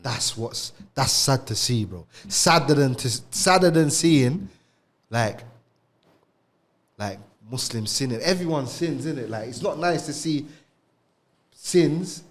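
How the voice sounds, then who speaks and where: A young man co-hosts a podcast on faith, talking slowly and expressively in a mid-range voice. He uses street slang in the casual religious discussion, often tossing in "bro" and "you get me."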